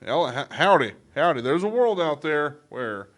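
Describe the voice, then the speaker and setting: A man putting on a cowboy voice with a loud, drawling twang. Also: a little high, sing-song, normal speed. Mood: hearty.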